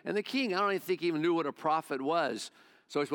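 A man's voice: a little high, expressive, rapid-fire, fairly bright tone. A male pastor preaching a sermon, retelling a Bible story in a folksy, conversational way.

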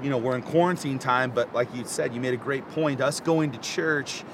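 A man talking casually about faith, animated and rambling, with frequent laughs. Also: medium pitch, moderate pace, background noise. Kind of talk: casual chat.

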